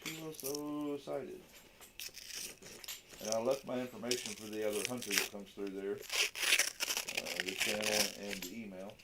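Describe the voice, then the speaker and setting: A man's voice: fairly low pitch, a little fast. Joking, chatty man with background noise. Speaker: co-host of a coin roll hunting livestream. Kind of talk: casual chat. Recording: clear steady background noise.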